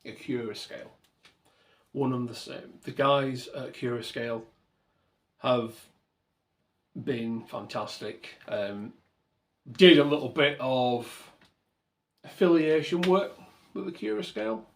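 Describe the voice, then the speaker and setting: A man's voice: medium pitch, slow pace, pauses often. A man hosting his own channel, talking earnestly and thankfully in a rambling way and often correcting himself mid-sentence. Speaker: model railway channel host. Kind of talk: reflective to-camera vlog talk.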